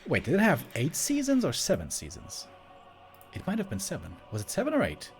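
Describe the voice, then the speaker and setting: A man commentating a strategy game match solo, chatty and excitable, laughing often and rambling off-topic. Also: fairly high pitch, brisk, faint music behind. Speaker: esports caster.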